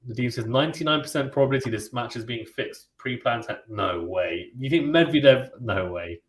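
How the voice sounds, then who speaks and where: A man calls live tennis play-by-play in a loose, conversational way, breaking off to read and answer viewer comments. His voice sits at an ordinary middle pitch. The sound carries a roomy echo, as if he is recording in an untreated space. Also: normal speed, few pauses. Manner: chatty and relaxed, reads out viewer comments and reacts to them. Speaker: host of a live tennis watchalong stream. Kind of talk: live play-by-play commentary mixed with casual chat.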